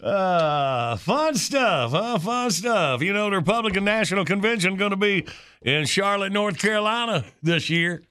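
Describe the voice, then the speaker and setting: Bright-voiced radio host. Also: male voice, high-pitched, expressive, moderate pace, clear, resonant tone. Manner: folksy banter, reads ads. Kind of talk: morning radio show.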